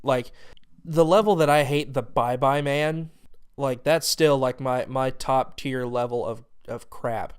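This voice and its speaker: A man's voice: mid-range voice, measured pace, smooth. A young man hosting a movie review show, talking casually in a sarcastic, exasperated rant about a bad film.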